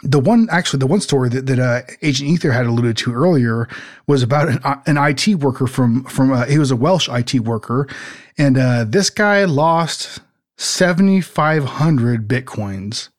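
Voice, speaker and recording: A man's voice: medium pitch, a little fast. A man in casual podcast conversation, rambling with lots of "like" and "you know" and some swearing.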